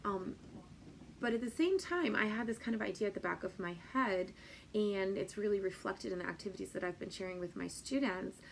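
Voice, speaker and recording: A woman's voice: medium pitch, a little fast, vocal fry, a little hiss or hum. A woman Spanish teacher talking casually to other teachers, with many ums, and playful and sing-song when she recites a children's rhyme. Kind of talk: teacher training talk.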